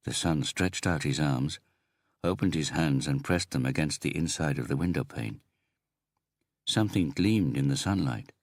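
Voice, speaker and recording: A man narrating an audiobook in a measured, even reading. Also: a bass voice, no room sound, studio quality. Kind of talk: scripted narration.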